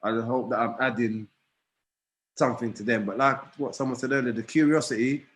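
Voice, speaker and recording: A middle-aged man, a guest on a video call, telling lively stories about his children and laughing often. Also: mid-range voice, fairly quick. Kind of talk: casual storytelling.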